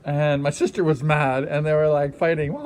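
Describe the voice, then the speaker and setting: Animated man telling racing stories. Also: a little high, normal speed. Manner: animated, acts out quotes, many fillers. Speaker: former speedway rider. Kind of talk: casual personal storytelling. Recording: music under the voice. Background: background music.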